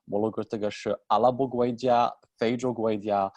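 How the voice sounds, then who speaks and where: A man in his thirties from Morocco, a university lecturer, speaking haltingly and carefully over a video call. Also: on the low side, fairly even intonation, a little mellow, no echo. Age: 30s. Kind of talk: halting self-introduction.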